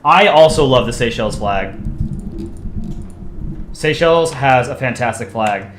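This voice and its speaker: A man's voice: mid-range voice, expressive, a little slow, roomy sound, noisy background. A man casually chatting with his stream audience while drawing, thinking aloud and answering chat requests.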